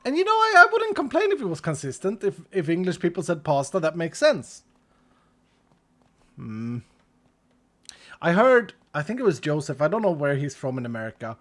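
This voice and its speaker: A man from Sweden with a Swedish accent, chatting casually on a game stream in a playful, rambling way. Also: high-pitched. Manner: rambling, playful, joking tangents. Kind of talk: casual gaming stream chat.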